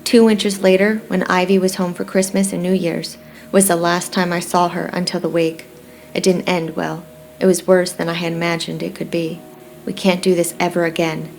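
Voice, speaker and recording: A woman narrating a first-person romance audiobook in a steady, reflective storytelling manner. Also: on the low side, moderate pace, gravelly, soft background music.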